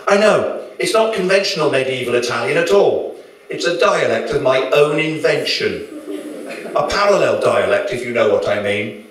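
Man voicing jittery author figure, raised pitch, choppy staccato bursts, echoey room, distant mic. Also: measured pace, a bit bright. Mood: condescending. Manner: thick, staccato speech in short jerky bursts. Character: agitated, jumpy male author. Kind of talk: reading a novel aloud.

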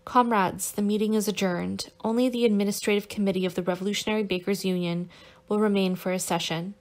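A woman reading the lines of a calm, resolute young man in an audiobook, with a teasing edge in his delivery. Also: medium pitch, fast talker, natural voice. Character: calm, confident young man, crafty and bold.

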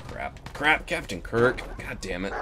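An excitable man talks through a video game in a casual let's-play, cursing freely and sometimes pushing his voice into silly squeals. His pitch swings widely, yet his pace stays unhurried. A little noise sits behind him. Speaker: gaming YouTuber.

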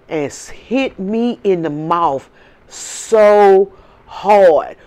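A woman's voice: mid-range voice, a little mellow. A woman with a St. telling a story in casual talk, blunt and swearing freely. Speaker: vlogger.

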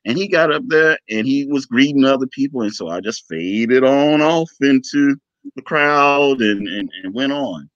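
Man with a lively, swinging voice. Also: medium pitch, moderate pace, no room sound. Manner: emotional, animated, acts out dialogue. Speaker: guest. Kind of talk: personal storytelling in an interview. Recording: dull lo-fi, dry.

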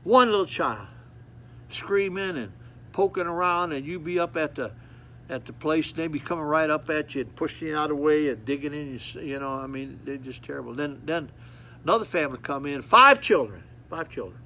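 A man preaching a sermon, folksy and repetitive, telling stories with animated acted-out moments. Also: on the high side, fairly quick, a little hiss or hum.

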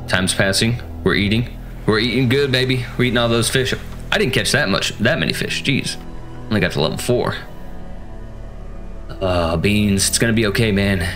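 A man's voice: fairly low pitch, lively intonation, fairly quick, pauses often, a bit bright, faint music behind. A man casually commentating a horror game, joking and talking to the characters. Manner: jokey, playful, talks to the game characters. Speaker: gaming channel host.

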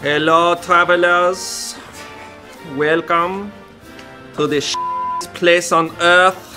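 A man's voice: sits high, little pitch movement, very slow, sharp tone, full character voice. A man playing the Statue of Liberty with a fake French accent that keeps slipping, in a comedy sketch. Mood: grandiose. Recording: music playing behind.

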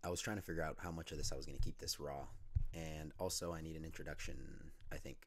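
A man with a hoarse voice from a cold, talking loosely with many fillers and praying aloud. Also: a bass voice, steady tone, fast talker, a little hiss or hum. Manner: unscripted, rambling, many fillers. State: lost voice from a cold. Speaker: Christian vlogger. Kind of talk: casual talk and spoken prayer.

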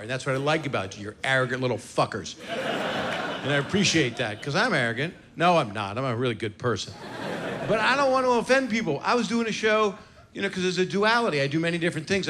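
A man in his sixties doing a stand-up comedy set, brash and self-mocking with crude punchlines, recorded live in a comedy venue. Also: fairly high pitch. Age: 60s. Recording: live club recording with crowd noise. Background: audience laughter and cheering.

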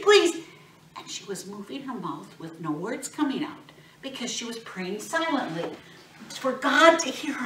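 Brief: lively woman children's Bible teacher, forceful tone, echoey room, far from the mic. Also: high-pitched. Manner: animated, expressive, asks kids questions. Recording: roomy, distant mic, faint noise.

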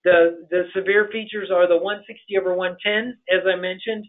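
Man, physician lecturer, fairly high voice, halting delivery full of fillers, thin phone-like webinar sound. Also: fairly even intonation. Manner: hesitant, many ums and uhs, explanatory. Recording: tinny phone-like webinar audio.

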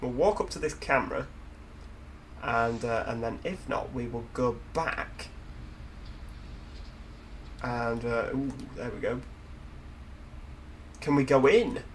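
A man's voice: medium pitch, takes it slowly, pauses often, a little hiss or hum. Chatty Yorkshire man narrating gameplay. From Yorkshire, England. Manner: chatty, jokey, self-mocking asides. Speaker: gaming video host. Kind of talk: casual gameplay commentary.

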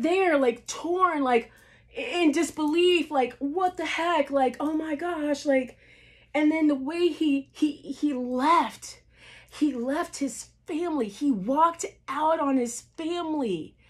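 A woman hosting her own wrestling channel, giving a casual reaction recap, gushing and excitable, full of fillers and little laughs. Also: sits high. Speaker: wrestling video host.

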